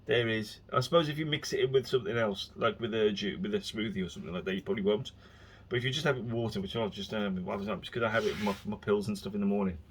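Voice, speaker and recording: Rapid-fire and barely pausing, a lowish-voiced male vlogger rambles through a casual monologue on his own. He's a chatty storyteller who keeps restarting sentences, and there's a light hiss under the audio.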